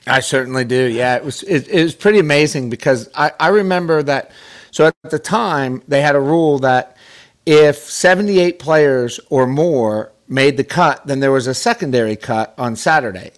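A man tells a personal story as a podcast guest, his voice mid-pitched and lively. He restarts sentences often and acts out quoted voices. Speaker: podcast guest, pro golfer. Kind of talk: casual storytelling.

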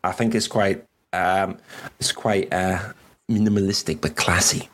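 A man's voice: deep voice, fairly even intonation, a little slow, a bit bright, a little hiss or hum. A man from Wales hosting a casual livestream chat, chatty and rambling, laughing often. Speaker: host.

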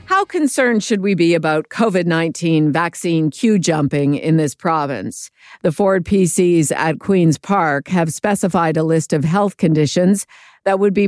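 Measured woman radio host, low and dry. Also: a little mellow, dry recording. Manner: measured and clear. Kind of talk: scripted radio presenting.

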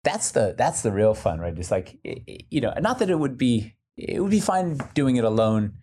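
A man talking as a podcast guest, excitable and rambling, with lots of restarts. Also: mid-range voice, moderate pace, slightly rough. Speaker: podcast guest, creative director. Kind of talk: casual podcast interview.

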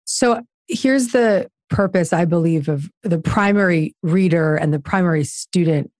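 A woman's voice: fairly low pitch, a little slow, darkish tone, no room sound, studio quality. A woman guest author talking in an interview, emphatic and preachy in her delivery. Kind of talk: conversational interview.

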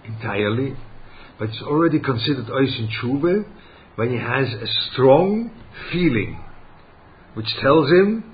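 A man giving a religious lesson, halting and searching for words as he poses rhetorical questions. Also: mid-range voice, very animated. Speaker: rabbi teaching Torah. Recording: dull lo-fi recording.

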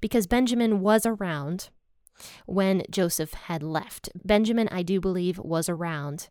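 A woman's voice: fairly low pitch, measured pace, darkish tone, clean tone, no echo, studio quality. A woman hosting a podcast, casually retelling a Bible story and thinking aloud as she goes. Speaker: podcast host.

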